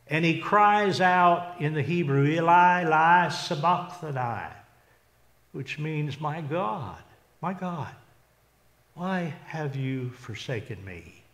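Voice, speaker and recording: A pastor delivers a sermon in a slightly high-pitched male voice, speaking with deliberate slowness. He is earnest and often stumbles, restarting and repeating words. The sound carries the echo of a church sanctuary. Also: fairly bright tone. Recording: echoey church hall.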